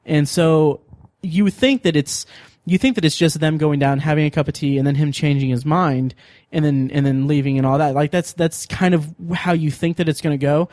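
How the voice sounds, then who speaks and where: A man hosting a podcast, chatting casually and excitedly, with many fillers and restarts. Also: fairly high pitch, normal speed, dry recording, clean studio sound. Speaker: podcast host. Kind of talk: casual chat.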